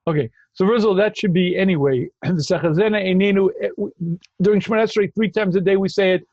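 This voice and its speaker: A man hosting a call-in Q&A as a rabbi, emphatic and quick to cut in with repeated phrases. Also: sits high, a little mellow, no echo, highs cut off. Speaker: rabbi answering callers. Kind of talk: call-in Q&A talk.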